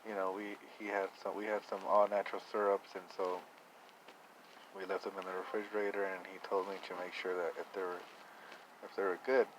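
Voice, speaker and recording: Low, flat-voiced young man musing aloud. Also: background noise. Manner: rambling, halting, with many restarts. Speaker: vlogger. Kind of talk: reflective personal storytelling.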